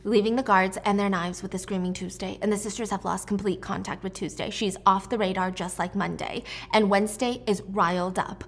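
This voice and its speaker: A woman's voice: mid-range voice, fairly even intonation, brisk, gravelly, few pauses. A woman casually recapping a film's plot in a chatty, dramatic way, with casual swearing. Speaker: movie recap vlogger.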